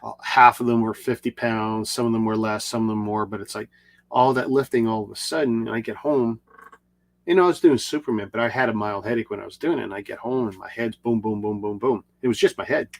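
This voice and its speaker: A man's voice: on the low side, quick pace, creaky, no room sound. A middle-aged man casually telling a long, rambling personal story with restarts and repeats. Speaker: video creator.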